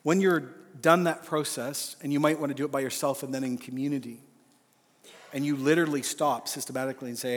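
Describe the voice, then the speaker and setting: At a men's conference, a man with a steady, mid-range voice preaches an earnest, emphatic sermon, slowing down when he reads a prayer aloud. The recording carries live hall reverb with faint music.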